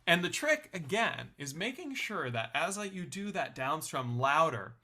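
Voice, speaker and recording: A man's voice: fairly high pitch, sing-song, measured pace, bright, forceful tone. A young man teaching a ukulele lesson in a friendly, explanatory way, counting beats aloud. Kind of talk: online music lesson.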